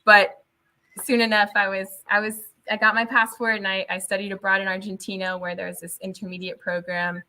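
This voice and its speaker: Bright-voiced woman telling lively stories. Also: mid-range voice, brisk. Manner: animated storytelling, laughs often, switches into Spanish. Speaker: teacher guest. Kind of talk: casual interview chat.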